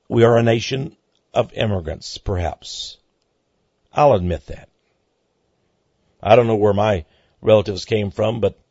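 A man hosting a monologue commentary, speaking emphatically and climbing into excited outbursts, on a dull lo-fi recording. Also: on the low side, creaky, breathy edge, dry recording. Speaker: commentary host.

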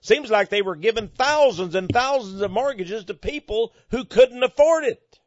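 A man giving emphatic, preaching-style commentary on the news, asking rhetorical questions and swinging between loud and soft. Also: high-pitched, animated, moderate pace, dry recording. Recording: dull lo-fi dry recording.

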